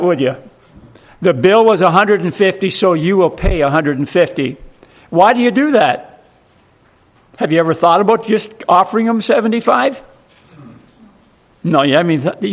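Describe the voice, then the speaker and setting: A man's voice: high voice, animated, normal speed, long pauses, muffled recording. A male pastor preaching a sermon, emphatic and full of rhetorical questions.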